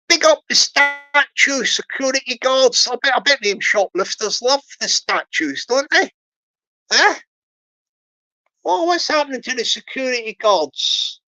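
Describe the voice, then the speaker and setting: Bright-voiced woman hosting a rambling live stream. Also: high-pitched, lively intonation, measured pace, rough recording. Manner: repetitive, chatty, addresses the chat directly.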